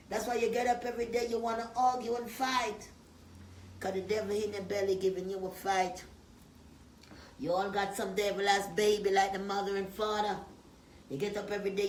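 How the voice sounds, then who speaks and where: A woman's voice: fairly high pitch, roomy sound, recorded from a distance, slight background noise. Brash woman, rhyming rant. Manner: loud, brash, half-rapped rhymes with laughs. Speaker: vlogger. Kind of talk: profane rhyming rant to camera.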